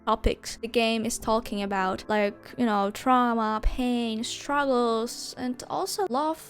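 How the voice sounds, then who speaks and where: A young woman with a slightly high voice raves about a game in a loose, casual review. She swears freely and laughs between thoughts, and faint music plays underneath. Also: fairly even intonation, takes it slowly. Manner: gushing, swears and laughs often.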